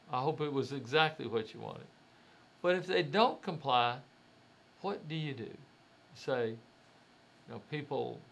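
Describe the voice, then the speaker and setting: A man's voice: fairly high pitch, fairly bright tone. A man giving a motivational talk, speaking directly to the listener in a conversational way and asking rhetorical questions.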